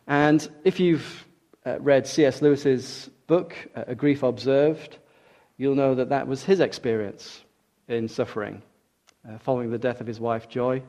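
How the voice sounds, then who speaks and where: A man gives a morning sermon from the pulpit, his voice at an ordinary middle pitch. He speaks earnestly and with emphasis, doubling back on key words to drive them home. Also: fairly even intonation, a little slow, dark tone. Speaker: preacher.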